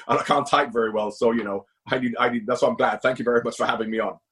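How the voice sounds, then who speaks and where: A man's voice: mid-range voice, steady tone, fast talker, a bit bright. A middle-aged man, a former football manager, talking at length as an interview guest, emphatic and repeating himself for stress. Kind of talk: casual interview talk.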